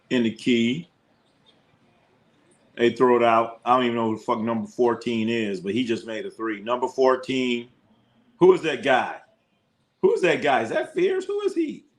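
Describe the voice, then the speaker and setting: A man hosting a live sports watch party, talking loosely and animatedly, quick to laugh and swear as he reacts to the game. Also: mid-range voice, a bit bright. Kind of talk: casual live sports commentary.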